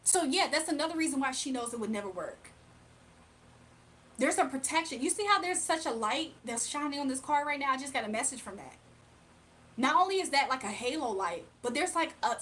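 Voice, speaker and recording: A woman's voice: high-pitched, a bit bright, a little hiss or hum. A woman, giving a casual, emphatic spiritual reading on a livestream. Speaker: spiritual reader.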